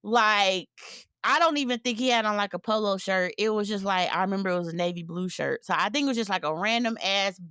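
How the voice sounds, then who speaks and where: A woman co-hosting a podcast, telling a story in casual chat, animated and laughing as she acts out what people said. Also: medium pitch, a little fast, smooth, dry recording, studio quality. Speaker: podcast co-host.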